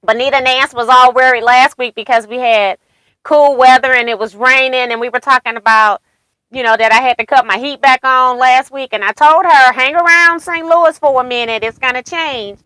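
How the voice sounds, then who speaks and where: Lady hosting a sew and chat stream, talks kinda high, rambles on, reads comments out loud. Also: fairly even intonation, normal speed, clear, resonant tone, no echo, poor audio. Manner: chatty, rambling, reads viewer comments aloud. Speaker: quilting livestream host. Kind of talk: casual live chat.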